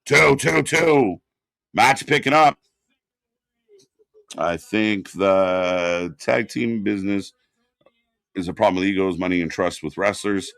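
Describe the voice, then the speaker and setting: A man's voice: low-pitched, measured pace, long pauses, fairly bright tone, no room sound, clean studio sound. A man hosting a live wrestling watch-along stream, chatting casually and bluntly with plenty of swearing while answering chat. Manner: casual and profane, reads chat aloud.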